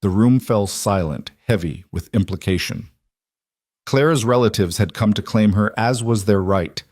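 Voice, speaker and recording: A man narrates a frontier tale in calm, measured scripted storytelling. His voice is low and even. The recording is dry and close, with no room sound. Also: dry recording.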